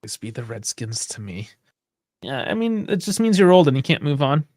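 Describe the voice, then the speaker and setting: A man's voice: mid-range voice, big pitch swings, moderate pace, a little mellow, dry recording. Podcast host guy, bouncy up and down voice, cursing, super dry mic. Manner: loose, profane banter with frequent laughs. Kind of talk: casual chat.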